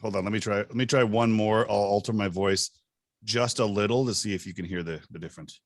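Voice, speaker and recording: A man's voice: fairly low pitch, steady tone, a little fast, dry recording. A man co-hosting a comedy podcast in casual chat, joking and laughing often. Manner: joking, laughs often, plays text-to-speech voices from his phone. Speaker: podcast co-host.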